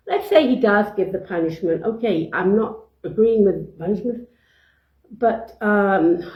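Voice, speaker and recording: A woman talks through parenting advice off the cuff, pausing on fillers and restarting sentences as she acts out little parent and child exchanges. Her voice is mellow and relaxed at a middle pitch. The room around her is echoey. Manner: unscripted, many fillers and restarts, acts out short quoted exchanges. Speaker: parenting speaker. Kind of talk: informal advice talk.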